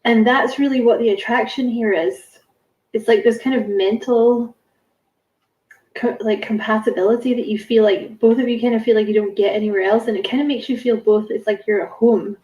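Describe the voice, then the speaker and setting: A woman's voice: a little high, steady tone, moderate pace, darkish tone, echoey room, lo-fi sound. A woman giving a casual spiritual card reading to camera, musing and rambling with many fillers and self-corrections. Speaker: tarot card reader.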